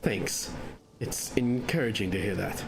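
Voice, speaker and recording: A man voicing a humble former male arena fighter who now helps injured people recover, in a lowered, subdued voice. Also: measured pace, vocal fry, music in the background. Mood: reflective.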